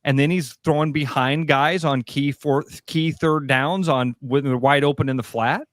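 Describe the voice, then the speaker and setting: A man's voice: medium pitch, steady tone, moderate pace, dry recording. Midwestern male co-host, punchy and repetitive, preaching takes, dry studio. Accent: American Midwest. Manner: emphatic, repetitive, preachy riffs. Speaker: sports radio co-host. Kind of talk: opinionated sports talk. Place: radio studio.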